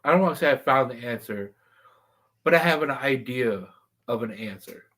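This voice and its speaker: A man's voice: medium pitch, expressive, moderate pace, fairly bright tone. A man co-hosting a casual podcast, speaking hesitantly as he thinks aloud. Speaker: co-host.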